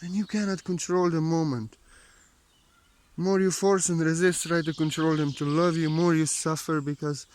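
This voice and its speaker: A man giving a spiritual teaching in earnest, repetitive phrasing, swinging between hushed stretches and forceful emphasis, with non-native grammar. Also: fairly high pitch.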